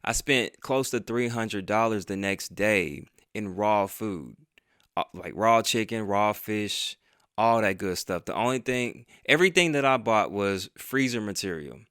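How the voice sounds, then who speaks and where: A man's voice: on the low side, fairly bright tone, no echo, studio quality. A man telling a personal story in a casual, profane storytime monologue, acting out the dialogue as he goes. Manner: conversational and profane, retelling with quoted dialogue. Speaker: vlogger and podcaster.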